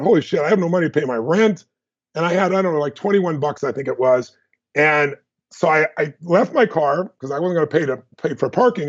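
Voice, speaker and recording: A man as a podcast guest, telling personal stories in an animated, emphatic, fast-flowing way. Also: a little high, lo-fi sound. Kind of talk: energetic personal storytelling.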